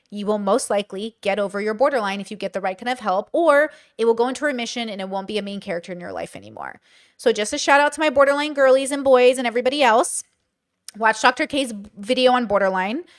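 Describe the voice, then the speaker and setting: A woman streaming live, explaining herself in an earnest, defensive, lecturing way. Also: fairly high pitch.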